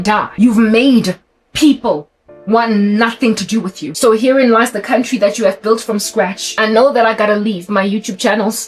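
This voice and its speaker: A South African woman giving a fervent, preachy vlog monologue, rapid and repetitive, sometimes breaking into song. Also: fairly high pitch. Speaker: Christian vlogger. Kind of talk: impassioned monologue to camera.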